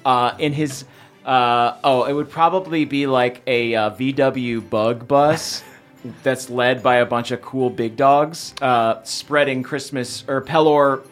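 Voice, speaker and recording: Very low-voiced woman player. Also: fairly even intonation, slow, soft background music. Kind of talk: casual tabletop play.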